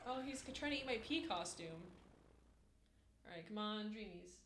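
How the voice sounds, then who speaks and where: A woman's voice: mid-range voice, expressive, moderate pace, a bit bright, soft background music. A young woman streaming, chatting casually with her viewers and cooing at her cat in baby talk. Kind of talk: casual live-stream chat.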